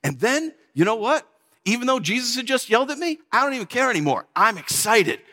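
A man preaches a dramatic first-person sermon, speaking as a disciple in a playful, chatty manner. His voice sits high and bright and swings widely in pitch. A long reverb from a large hall trails every phrase. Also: a little fast. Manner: animated storytelling in character as a disciple, playful and chatty.

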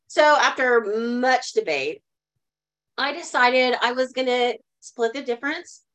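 A woman's voice: on the high side, a little slow, fairly bright tone, low-quality recording. A middle-aged woman telling a personal story as a guest in a live online talk, earnestly, and asking the audience to answer in the chat. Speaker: guest speaker.

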